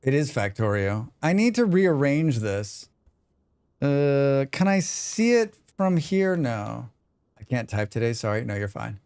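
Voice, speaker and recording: Excitable, sweary male game streamer. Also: medium pitch, measured pace, clean tone, no room sound. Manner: excitable, swears freely, chats with viewers. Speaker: livestreamer. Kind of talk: casual gaming livestream chat.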